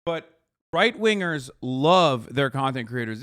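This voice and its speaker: Guy streamer going off at chat, swears a lot, kinda high voice, mocks people in silly voices. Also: expressive, fairly quick, a bit bright. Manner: heated, profane, mocking impressions of critics. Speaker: streamer host. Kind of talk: casual political rant to chat.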